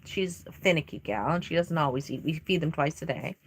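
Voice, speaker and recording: Chatty lower-voiced woman, very animated. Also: brisk, breathy edge. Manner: rambling storyteller, chatty and expressive. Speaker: doll artist streaming live. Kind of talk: casual chat while painting.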